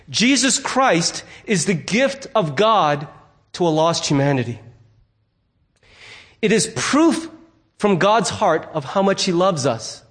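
A male pastor from the United States preaching a sermon in an earnest, emphatic way, with frequent restarts. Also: high-pitched.

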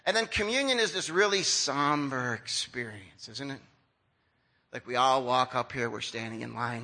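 A man around sixty preaching a sermon as a pastor, in a conversational, lively way that acts out the voices of the people he describes. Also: mid-range voice, fairly quick, low-quality recording.

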